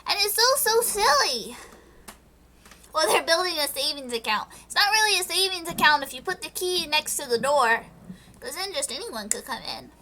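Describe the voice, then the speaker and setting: A woman's voice: sits high, sing-song, normal speed, pushed and bright, slight background noise. A woman chatting casually on a live stream, giggling and acting out characters in silly voices as she reviews a film.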